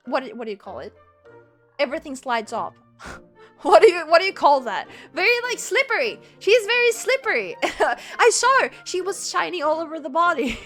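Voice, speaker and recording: Giggly high-voiced woman streamer. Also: sing-song, brisk, fairly bright tone, soft background music. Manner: giggly, rambling storyteller. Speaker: live streamer. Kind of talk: casual live-stream chat, reading chat.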